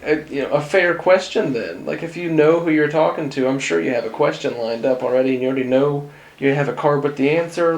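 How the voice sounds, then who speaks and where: A man's voice: a little high, gravelly. A young man co-hosting a casual podcast chat, telling rambling, laid-back stories. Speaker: podcast co-host. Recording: roomy echo, faint ambient hum.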